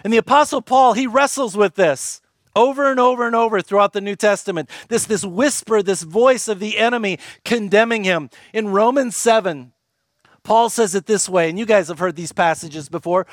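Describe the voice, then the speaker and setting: A man with a high-pitched voice preaches a sermon in an earnest, emphatic way. He slows and drops his voice low for key phrases. The sound is dry and close, with no room echo. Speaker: pastor.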